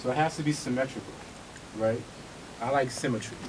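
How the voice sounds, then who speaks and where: Briskly and at a medium pitch, a man runs a vogue class, demonstrating steps and checking in with his students. He talks casually and is a bit out of breath, with music playing behind him in the studio and noise in the background.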